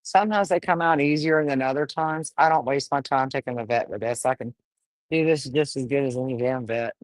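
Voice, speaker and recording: A woman's voice: rumbling low, brisk, no echo. A woman breeding dogs, casually livestreaming while she firmly coaxes a wriggling puppy, talking in a folksy way. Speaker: dog breeder.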